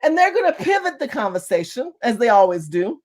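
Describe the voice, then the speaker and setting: A woman from California, an activist, giving an impassioned political monologue. She talks fast and forcefully and repeats phrases for emphasis. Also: a little high, sing-song. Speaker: community activist.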